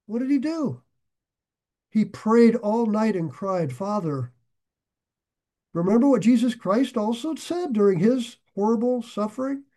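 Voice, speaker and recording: A man preaching a sermon in an earnest, conversational way, with sarcastic asides and sudden swings between loud emphasis and quiet drops. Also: very high-pitched, expressive, normal speed. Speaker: pastor.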